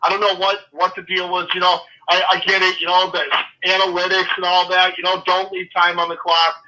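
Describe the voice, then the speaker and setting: A man's voice: sits high, completely flat delivery, a little fast, pushed and bright, lo-fi sound. A man talking football as a guest, ranting in a fired-up way, swearing and then apologizing. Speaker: guest fan. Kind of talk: casual sports chat.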